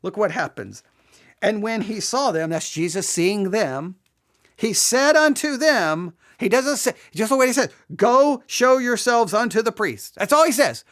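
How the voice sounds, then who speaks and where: A Bible teacher giving an exegetical study, talking in an animated way, acting out quoted lines and often restarting sentences. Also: medium pitch, a little slow. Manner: animated, acts out quoted speech, frequent restarts.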